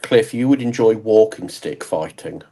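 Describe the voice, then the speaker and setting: A man's voice: on the low side, expressive, moderate pace, mellow, rough recording. A British man in casual conversation on a live stream, with dry, wry humor. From Britain. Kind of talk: casual chat.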